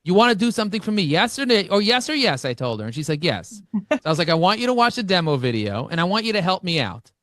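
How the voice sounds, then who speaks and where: A man speaking as an interview guest, telling energetic stories and acting out both sides of conversations. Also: high-pitched, quick pace, no room sound, clean studio sound. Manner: animated, acts out dialogue with shifting voices. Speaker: podcast guest, marketing expert.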